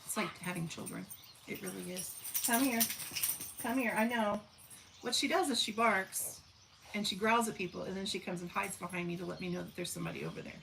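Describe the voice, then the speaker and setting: Folksy and chatty, this southern Missouri livestream host in her forties reads viewer comments and talks to her dogs during a casual live chat. She speaks fast in a gravelly, medium-pitched voice over a noisy background.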